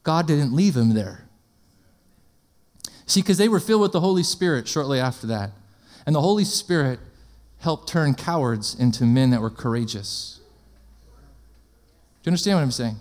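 A man preaching a sermon in an energetic, conversational way, often asking the congregation questions and slipping in jokes. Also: medium pitch, normal speed.

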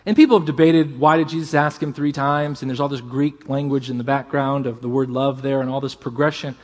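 A pastor preaching a sermon, earnest and emphatic, often dropping to a hush. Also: male voice, medium pitch, fairly even intonation, a little fast.

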